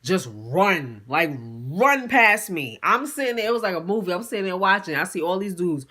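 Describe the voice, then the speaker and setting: A young woman tells a story to her viewers, animated and salty with her language. Her voice sits fairly low but has a bright, forceful edge. She keeps talking straight to the audience. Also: normal speed. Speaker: vlogger. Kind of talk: casual storytime.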